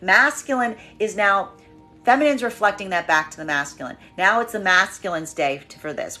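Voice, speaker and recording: A woman's voice: medium pitch, a bit bright. A woman giving a collective tarot reading, emphatic and prone to repeating phrases as she acts out what the energies are saying. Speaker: tarot reader.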